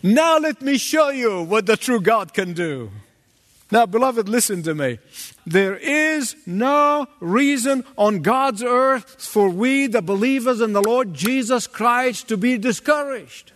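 A man preaching a sermon as pastor, dramatic and animated, acting out the voices of the people in his story. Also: extremely high pitch, slow pace, long reverb tail.

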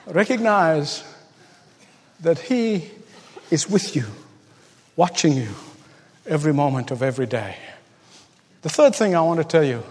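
A man preaching a sermon as a pastor, impassioned, swinging between loud high bursts and hushed asides. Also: expressive, measured pace, pauses often, long reverb tail.

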